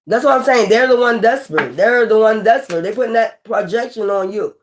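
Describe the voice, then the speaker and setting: A woman tarot reader with a fairly high voice speaks fairly quickly over slight background noise. Her casual, scornful rant is blunt and profane, repeating points emphatically to drive them home.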